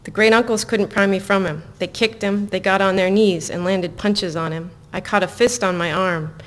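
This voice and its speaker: A woman author reads her novel aloud in an even, measured way. Between passages she slips into loose, chatty asides full of ums, her voice at a middling pitch. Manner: even, measured reading; casual, filler-laden asides. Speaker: author reading her own book. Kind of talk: live book reading with chatty asides.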